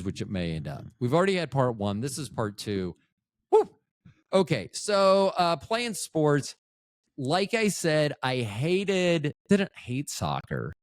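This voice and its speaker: A man's voice: medium pitch, dry recording, clean studio sound. A man in his fifties, hosting a podcast, telling rambling, profane, self-mocking stories about his youth in a casual monologue. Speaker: podcast host.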